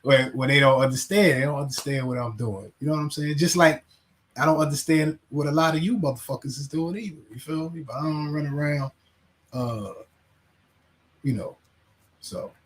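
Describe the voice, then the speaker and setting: A man's voice: on the high side, moderate pace, slight background noise. A man hosting a casual livestream, rambling, laughing and reading chat names aloud. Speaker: livestream host.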